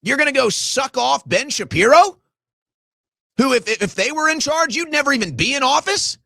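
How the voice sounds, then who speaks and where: A man with a high, bright voice rants on air as a political show host, his pitch swinging widely as his indignation rises and falls. He talks straight to his listeners, calling them folks. The sound is dry and close, with no room around it. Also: expressive, normal speed, gravelly, dry recording. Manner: ranting, indignant, addresses audience as folks. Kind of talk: angry live political commentary.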